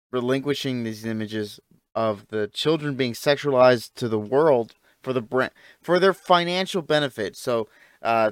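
Casting: male podcast co-host, smooth, clear voice, dry close sound, blunt and indignant. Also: medium pitch, no room sound. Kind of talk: casual chat.

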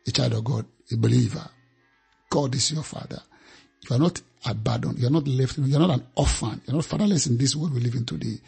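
Male preacher, emphatic and repetitive delivery, raspy tone, mid pitch. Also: a little mellow. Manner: emphatic, repeats phrases for effect. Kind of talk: sermon.

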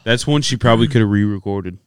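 A man's voice: on the low side, fast, smooth, dry recording, clean studio sound. A young man co-hosting a podcast, giving blunt opinions in casual chat. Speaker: podcast co-host.

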